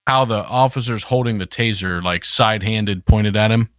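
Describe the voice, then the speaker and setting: A man's voice: lowish voice, moderate pace, a bit bright, no echo. A man co-hosting a podcast, commenting casually on video clips and often restarting his sentences. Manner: rambling, many restarts. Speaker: podcast co-host.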